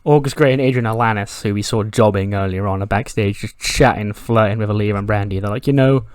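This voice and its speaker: A man narrating a wrestling management game playthrough in a casual, animated way, acting out the characters' lines. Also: lowish voice, quick pace, clean tone, no room sound. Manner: animated, acts out the wrestlers' dialogue, swears freely. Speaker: gaming commentator.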